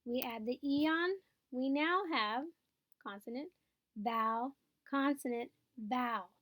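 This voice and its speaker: Female teacher, high voice, unhurried and patient, explaining each step. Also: a bit bright, no room sound, studio quality. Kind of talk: phonics lesson.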